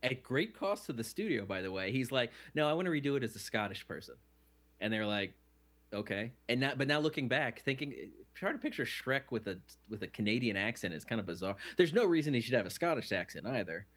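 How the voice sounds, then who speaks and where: A man's voice: mid-range voice, sing-song, fast talker, few pauses, fairly bright tone. A man co-hosting a casual podcast chat, rambling and often restarting his sentences. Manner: rambling, self-correcting, chatty. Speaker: podcast co-host.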